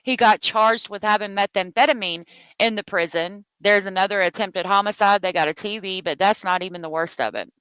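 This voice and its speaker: A woman's voice: mid-range voice, a little fast, a bit bright, smooth, no room sound, poor audio. A woman hosting a true crime livestream, heated and profane as she talks, thanking viewers for their donations. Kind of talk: angry live commentary.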